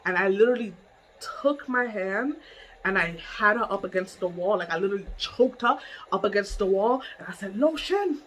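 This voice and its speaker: A woman telling a story in a casual vlog from her bedroom. She is animated, laughs often and swears freely. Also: mid-range voice, a little fast, rough recording.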